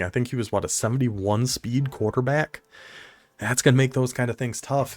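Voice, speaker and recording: Excitable man calling a video game. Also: on the low side, dry recording. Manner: excitable, laughs often, talks to the viewer. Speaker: commentator of an online video game dynasty league. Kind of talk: casual play-by-play game commentary.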